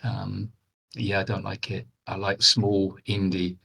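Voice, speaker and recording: A man's voice: deep voice, little pitch movement, takes it slowly, gravelly, bright, forceful tone, breathy edge. An older man, a veteran game developer, chatting as an interview guest in a hesitant way, with many restarts and fillers. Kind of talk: casual interview chat.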